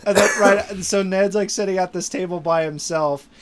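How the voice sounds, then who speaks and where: A man's voice: sits high, fairly even intonation, normal speed, over a noisy crowd. A man hosting a podcast, animatedly retelling movie scenes in casual chat and laughing often. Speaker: podcast host.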